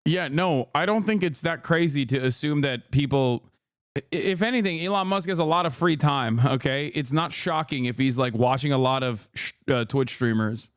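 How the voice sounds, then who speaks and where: A male streamer reacts to clips, blunt and swearing freely in an excitable rush of commentary. His voice sits at an ordinary middle pitch and sounds dry and close. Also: normal speed, clear, resonant tone, no room sound. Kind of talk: casual commentary.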